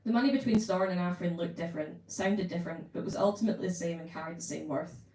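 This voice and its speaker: A woman author, reading her novel aloud at a bookshop event in a measured narrating voice. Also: lowish voice, mellow. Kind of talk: live book reading. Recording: roomy room, distant mic.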